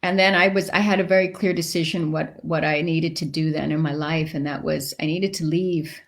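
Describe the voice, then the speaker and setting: A middle-aged woman, a guest in an interview, telling a personal story with animated delivery and acting out the voices in it. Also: low voice, brisk.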